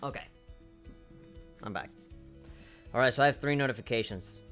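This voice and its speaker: A man's voice: medium pitch, normal speed, fairly bright tone. Chill guy streamer rambling and cursing, game music playing faintly under him. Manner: rambling, laid-back, swears often. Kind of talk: casual live-stream chat.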